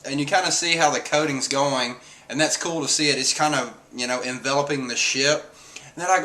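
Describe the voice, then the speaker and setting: A man giving a casual spoken manga review, excitable and jumping into high voices for the characters. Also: fairly quick.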